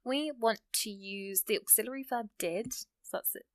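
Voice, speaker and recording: Reading example sentences slowly, a woman teaches English grammar and lays out each rule in sequence. Her pitch is on the high side, and the recording is dry.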